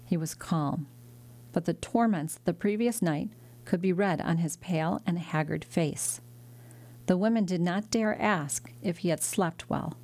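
A woman narrating a classic novel as an audiobook, in a measured, steady reading. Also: on the low side. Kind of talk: scripted narration.

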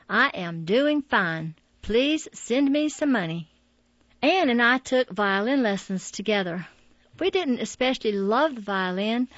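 A woman reading a memoir as an audiobook in a soft, reflective way. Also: fairly high pitch, dry recording. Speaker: narrator. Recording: dull, dry lo-fi audio.

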